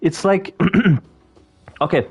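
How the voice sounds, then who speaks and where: This man speaks extremely slowly over soft background music as he plays a video game. He's a gaming creator chatting casually, rambling and cursing, often trailing into fillers and starting sentences over.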